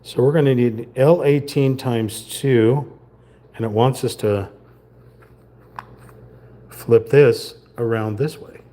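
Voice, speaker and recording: Still streaming his model build, the man jokes and mumbles to himself in casual commentary. His medium-pitched voice is dark and slow, broken by long pauses, and there's a little background noise.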